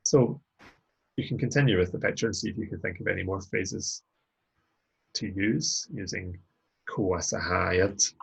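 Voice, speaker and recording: A man teaching a recorded language lesson, going slowly and patiently and repeating phrases for learners. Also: low-pitched, gravelly, husky. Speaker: language tutor.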